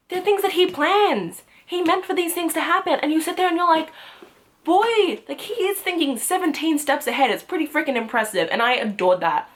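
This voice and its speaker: A young woman vlogging her monthly reading wrap-up in a casual, gushing way, often jumping into loud, excited squeals. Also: mid-range voice. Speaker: book vlogger.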